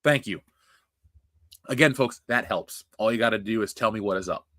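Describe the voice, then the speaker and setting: A man's voice: on the low side, moderate pace, a bit bright, no echo, clean studio sound. A man hosting a casual livestream, reading chat and ranting bluntly with profanity. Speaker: livestream host.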